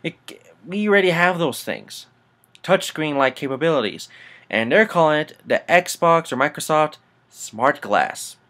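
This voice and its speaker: A man's voice: on the high side, animated, measured pace, a bit bright. A man hosting a casual gaming news vlog, rambling and swearing through annoyed asides. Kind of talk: casual rant to camera.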